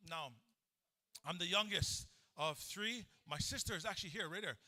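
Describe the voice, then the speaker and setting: A man's voice: high-pitched, moderate pace, pushed and bright. A man from Hawaii, giving a live recovery testimony to a crowd in an event hall over a handheld mic and joking with the audience. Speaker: recovery speaker.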